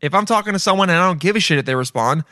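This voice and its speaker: A man's voice: sits high, animated, very fast, bright, forceful tone, no room sound, studio quality. A young man hosting his own podcast, rambling casually and swearing a lot, tossing in "okay?" and "dude" as he goes. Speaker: podcast host. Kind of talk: casual solo podcast rant.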